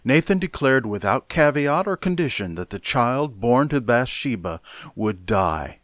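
A male pastor preaching a sermon with deliberate, emphatic phrasing and pointed pauses. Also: mid-range voice, sing-song, fairly bright tone, no room sound.

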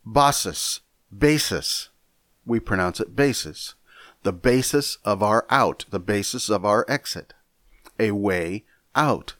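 A man teaching a Bible lesson in a measured, deliberate way, often repeating a word as he thinks. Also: on the low side, fairly bright tone, dry recording, studio quality. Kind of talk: sermon lesson.

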